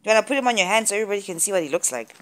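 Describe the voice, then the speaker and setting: A woman's voice: medium pitch, animated, rapid-fire, fairly bright tone. A woman talking casually to her viewers in her home kitchen, chatty and playfully mock-solemn as she speaks to her family. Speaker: vlogger, mother. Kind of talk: casual family vlog chat.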